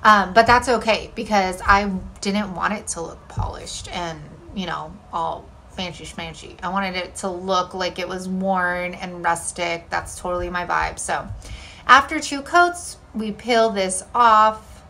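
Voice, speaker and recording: A woman's voice: on the low side, unhurried, bright, forceful tone, slight background noise. Bubbly woman chatting thru her diy decor project, lots of likes and ums, casual voice-over. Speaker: DIY home decor creator. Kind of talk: casual crafting voice-over tutorial.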